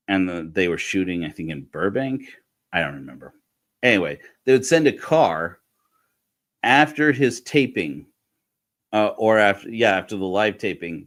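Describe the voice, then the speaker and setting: A man telling a story in a loose, casual way, often restarting and correcting himself. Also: fairly low pitch. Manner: rambling, frequent restarts and self-corrections. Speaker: speaker giving a talk.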